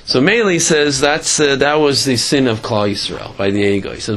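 A man with a somewhat high voice teaches a religious class through storytelling. He halts and restarts his sentences, repeating words as he looks for the next one, and he breaks into animated asides. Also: normal speed, hardly any pauses. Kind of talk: storytelling Torah lesson.

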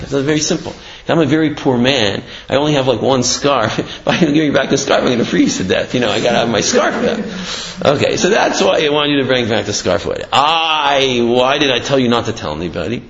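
Man giving a halting Torah class, echoey. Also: mid-range voice, animated, fairly bright tone. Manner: informal, halting, many fillers and restarts. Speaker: Torah teacher. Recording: echoey room, slightly muffled.

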